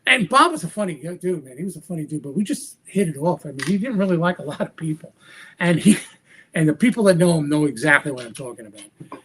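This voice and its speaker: A man's voice: fairly high pitch, fast, husky. A man, a magician guest on a podcast, telling a story with energy and acting out the voices of the people in it. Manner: acts out quoted dialogue with lively voice shifts. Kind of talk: animated anecdotal storytelling.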